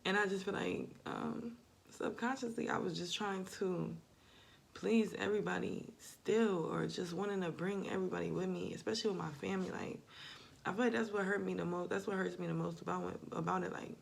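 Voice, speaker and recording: A woman's voice: fairly low pitch, steady tone, a little fast, creaky. A woman, talking through a casual, rambling confessional monologue, swearing freely. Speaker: spiritual vlogger.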